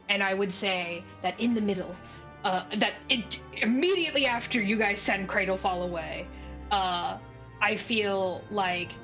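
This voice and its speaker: A woman narrating as dungeon master in a casual, halting way with many fillers. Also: mid-range voice. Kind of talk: narrating a tabletop game.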